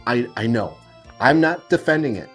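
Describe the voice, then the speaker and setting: A man telling a confessional story in a profane, sarcastic, self-mocking and animated way. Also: medium pitch, moderate pace, faint music behind.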